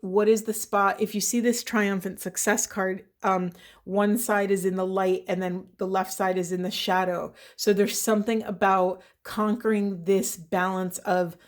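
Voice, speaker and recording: A middle-aged woman giving an intuitive card reading as a spiritual coach, speaking softly and earnestly, with many pauses and fillers. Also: medium pitch, level tone. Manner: soft, earnest and meandering, with many fillers and "right?". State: voice shaking with emotion.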